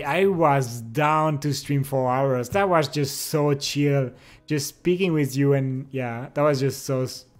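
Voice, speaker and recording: A young man chatting casually with his stream chat, relaxed and giggly. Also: fairly high pitch. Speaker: livestreamer. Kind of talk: casual chat reading and answering viewer chat.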